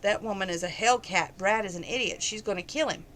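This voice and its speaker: Woman reading a whimpering, squeaky male thug. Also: brisk, fairly bright tone, a little hiss or hum, lightly acted. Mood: groaning.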